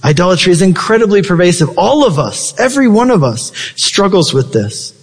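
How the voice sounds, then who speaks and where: A man's voice: very animated, brisk, slightly rough, big-room sound. A man preaching a sermon with passion, his voice leaping up for emphasis. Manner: impassioned preaching with sudden high-pitched emphasis. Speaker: pastor.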